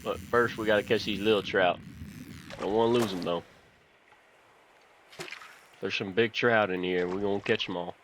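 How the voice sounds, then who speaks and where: A man's voice: on the low side, normal speed, long pauses, slight background noise. A man from Texas, giving folksy, chatty commentary on a fishing game and telling fishing stories. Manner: folksy, chatty, excited when fish bite. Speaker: gaming channel host.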